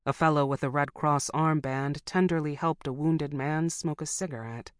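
An audiobook narrator reading a novel in a steady, measured storytelling manner. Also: medium pitch, no room sound, studio quality.

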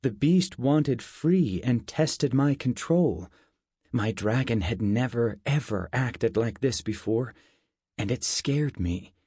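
A man narrating a first-person fantasy story in a measured, unhurried audiobook reading. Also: mid-range voice, animated, warm tone, husky, dry recording, clean studio sound.

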